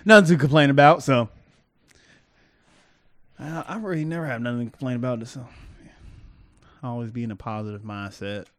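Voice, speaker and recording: A man's voice: mid-range voice, a little fast, long pauses, dry recording. A young man co-hosting a podcast in casual chat, playful and teasing, talking in loose restarts. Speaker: podcast co-host.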